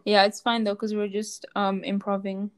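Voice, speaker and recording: A teenage girl co-hosting a casual podcast chat, animated and exclamatory, teasing her co-host. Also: medium pitch, normal speed, clear, resonant tone.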